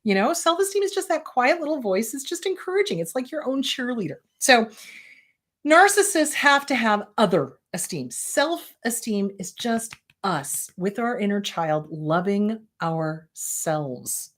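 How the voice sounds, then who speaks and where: A woman therapist hosting a casual advice show, blunt and emphatic as she answers viewer questions. Her pitch swings widely from phrase to phrase, in a lively, animated way. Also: measured pace. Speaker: therapist and host.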